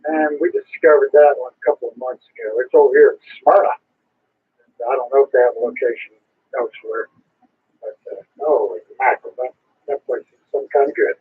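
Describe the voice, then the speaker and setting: A man checking in to an amateur radio net, chatting in a relaxed, conversational way. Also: mid-range voice, fairly quick, breathy edge. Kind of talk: ham radio net chat. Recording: thin phone-like radio transmission.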